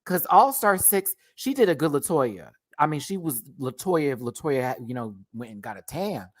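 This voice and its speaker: A man's voice: on the high side, sing-song, normal speed. A man casually reviewing a drag show on a livestream, sassy and slangy, laughing often and playfully exaggerating.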